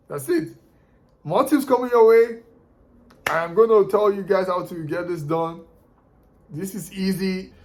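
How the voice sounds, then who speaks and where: A man's voice: a little high, a little mellow, rough recording. A man telling a story casually to his viewers, often repeating and restarting words as he goes. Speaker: car flipper sharing tips.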